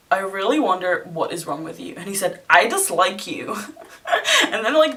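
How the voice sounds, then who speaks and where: A woman's voice: medium pitch, sing-song, moderate pace, a bit bright, far from the mic. A young woman vlogger casually retelling a story, blunt, sarcastic and full of swearing, recorded a bit away from the mic. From not from England, living there.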